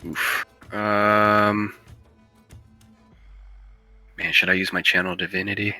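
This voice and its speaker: A man playing in a tabletop game, speaking hesitantly as he pitches a deal in character. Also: level tone, slow, pushed and bright, dry recording, faint music behind. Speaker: player. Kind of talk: casual tabletop play.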